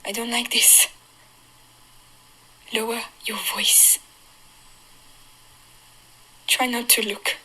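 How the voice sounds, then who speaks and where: A woman's voice: on the high side, little pitch movement, drawn-out words, pauses often, bright, forceful tone, husky, heavily acted, poor audio. A teenage actress voicing a frightened teenage girl who leads her little brother, in a French accent, for an audition recording. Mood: urgent. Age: teens.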